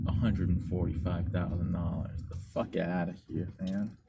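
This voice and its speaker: A man's voice: low voice, flat delivery, normal speed, heavy background noise. A man in casual car chat as a podcast co-host, laid-back and teasing, often laughing. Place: inside a car.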